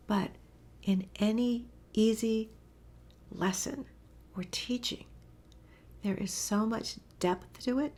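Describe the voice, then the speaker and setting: A woman teaching animal communication in a casual spoken lesson, enthusiastic and storytelling, with her voice often sinking into a breathy whisper. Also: medium pitch, takes it slowly, pauses often, a little mellow.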